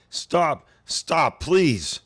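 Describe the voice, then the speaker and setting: A man voicing a huge male snake monster, terrified and begging for his life in a high, shrill voice. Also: very animated, extremely slow, full character voice. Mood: desperate pleading.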